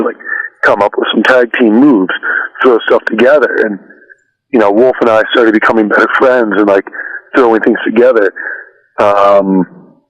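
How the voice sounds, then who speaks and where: A man as an interview guest, telling stories in a relaxed, rambling way with many fillers. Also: on the low side, muffled recording. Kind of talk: casual storytelling interview.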